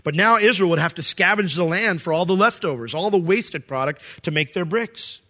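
A man preaching a sermon as pastor, reading scripture and acting out the quoted voices with big jumps in pitch. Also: a little fast, bright, forceful tone.

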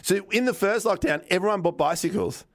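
A man's voice: high voice, a little fast. A man with an Australian accent, co-hosting a podcast and telling a story casually, swearing freely and acting out both sides of the conversation. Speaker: podcast co-host.

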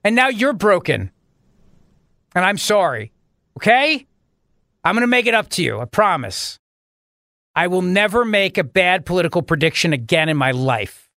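Man, radio talk host, high voice, dry studio sound, joking mock-dramatic banter. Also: big pitch swings, moderate pace, pauses often, pushed and bright, no room sound. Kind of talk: casual radio chat.

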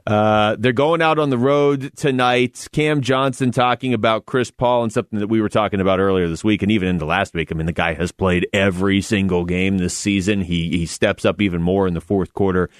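Low-voiced easygoing sports co-host. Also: male voice, fairly even intonation, brisk, few pauses, no echo, clean studio sound. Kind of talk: casual sports talk.

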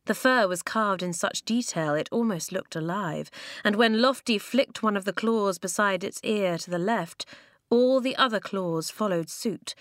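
A woman narrating a children's adventure audiobook in a calm, gently descriptive reading. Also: medium pitch, measured pace, no room sound, studio quality. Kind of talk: scripted storybook narration.

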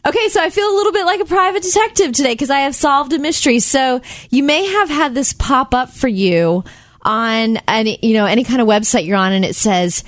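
A woman co-hosting a casual talk show, chatty and quick to laugh as she tells stories. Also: sits high, expressive, dry recording, clean studio sound. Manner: chatty, laughs often, storytelling. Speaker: radio show co-host. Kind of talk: casual morning show banter.

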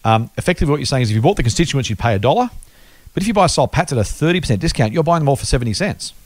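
A man's voice: medium pitch, animated, very fast, no echo. A man co-hosting an investing podcast, explaining points patiently with worked examples in casual chat. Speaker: podcast co-host.

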